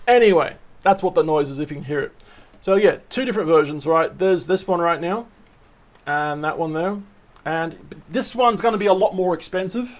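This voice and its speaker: Chatty Australian man, slightly high voice. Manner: chatty, keeps asking "right?" and "okay?". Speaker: vlogger. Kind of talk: casual show-and-tell vlog.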